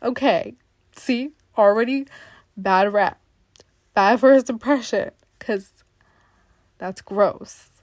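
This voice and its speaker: A woman's voice: mid-range voice, slow pace, pauses often, a little mellow, no room sound, studio quality. A young woman hosting a podcast, telling stories in a rambling, dramatic way and laughing often. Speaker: podcast host. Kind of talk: casual podcast monologue.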